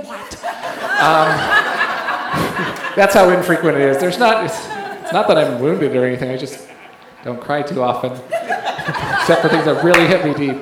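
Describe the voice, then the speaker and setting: A man giving a rambling testimony in a sermon, with many fillers and restarts, often laughing as he tells it. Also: a little high. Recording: very echoey room, faint background noise.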